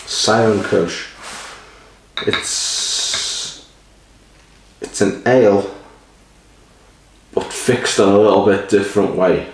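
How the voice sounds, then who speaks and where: A man's voice: lowish voice, fairly even intonation, very slow, long pauses, slight background noise. A man rambling casually and swearing while reviewing a beer, a little sleepy. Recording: roomy echo, mic at a distance.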